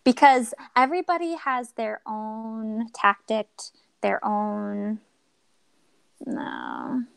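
A woman's voice: a little high, drawn-out words, gravelly, clear, resonant tone, no room sound. Woman telling her story animatedly. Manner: animated, acts out quoted voices. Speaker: podcast guest. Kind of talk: personal storytelling.

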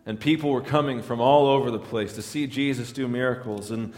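A man's voice: mid-range voice, fairly even intonation, brisk, a little mellow, in a large hall. A man preaching a sermon in a conversational way, often repeating words as he restarts his lines. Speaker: pastor.

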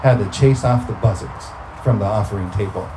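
A man's voice: fairly low pitch, brisk, noisy background. A man preaching a sermon, talking through scripture in a conversational way and breaking into emphatic bursts.

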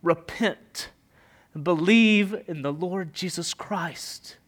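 A man preaching a sermon with passion, rising to loud emphatic peaks and falling to hushed, almost whispered lines. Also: high-pitched, slow. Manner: impassioned preaching, swelling loud and dropping to near whisper. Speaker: pastor.

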